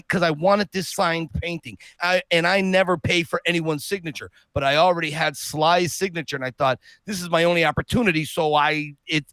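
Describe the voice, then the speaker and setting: A man on a podcast telling an animated personal story, acting out the people he quotes. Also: fairly high pitch, no echo. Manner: lively anecdote teller who acts out quotes. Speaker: podcast guest.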